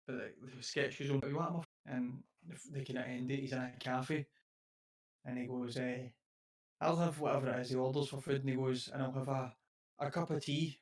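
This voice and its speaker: A man's voice: medium pitch, little pitch movement, fairly quick. A young Scottish man co-hosting a podcast, telling rambling anecdotes, acting out the quotes and laughing. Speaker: podcast co-host. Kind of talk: casual chat, storytelling.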